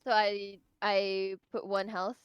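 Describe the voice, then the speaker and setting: A woman's voice: medium pitch, little pitch movement, slow, clear, resonant tone. A young woman playing a tabletop game on a call, hesitant and giggly, thinking aloud over her moves. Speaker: player. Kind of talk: casual game chat.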